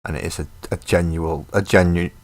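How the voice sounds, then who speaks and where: A man's voice: low voice, steady tone, a little fast. An English man with a Manchester accent chatting casually and self-deprecatingly while painting miniatures. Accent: English, Manchester area with Glaswegian slips. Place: home hobby desk. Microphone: webcam mic.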